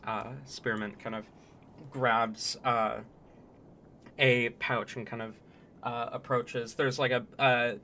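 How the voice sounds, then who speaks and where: A man narrating a tabletop role-playing game as game master, in a relaxed, hesitant way with many "kind of"s. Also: mid-range voice, slight background noise.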